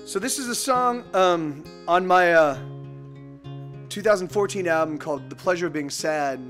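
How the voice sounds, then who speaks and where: A man musician on a live stream, talking haltingly between songs, choked up and full of restarts. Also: high voice, fairly bright tone. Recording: guitar music behind.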